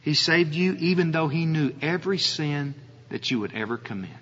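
A male pastor preaching a sermon, slow and earnest, often asking his listeners rhetorical questions. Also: fairly high pitch, animated, a bit bright, slightly rough. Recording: dull audio with long hall reverb.

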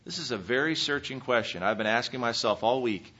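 A man preaching a sermon, earnestly reading scripture and swinging between emphatic peaks and quiet, searching questions. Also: medium pitch, animated, a little fast, hardly any pauses, slightly rough. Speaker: pastor. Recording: dull lo-fi sermon recording.

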